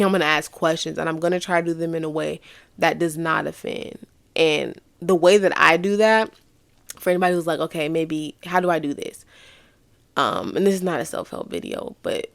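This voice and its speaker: Earnest woman host, lowish gravelly voice, dry close mic, reflective casual chat. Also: a bit bright, dry recording. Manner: earnest, conversational, repeats for emphasis. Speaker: podcast host.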